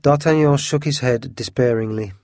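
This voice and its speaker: A man reading an adventure story aloud as an audiobook in a steady, measured voice. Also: mid-range voice, no room sound, clean studio sound. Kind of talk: audiobook narration.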